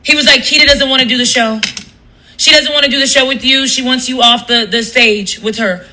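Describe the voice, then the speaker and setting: A woman's voice: sits high, fairly even intonation, brisk, bright, forceful tone, rough recording. A woman talks straight to her viewers on a casual livestream, fed up and emphatic. She swears freely and keeps circling back and restarting her sentences. It should sound loose and spoken on the spot, not scripted. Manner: profane, emphatic storytelling with many restarts. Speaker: radio host and live streamer.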